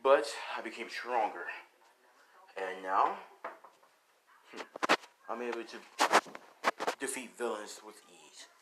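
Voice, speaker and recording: A man voicing a calm, self-assured male mentor who speaks in a low, measured way. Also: heavy background noise.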